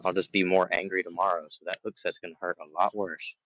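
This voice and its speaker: A man's voice: low voice, flat delivery, quick pace, a bit bright, lo-fi sound, slight background noise. A man chatting on a live fishing stream outdoors by the water, playfully taunting the fish he is after. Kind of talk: casual live-stream chat.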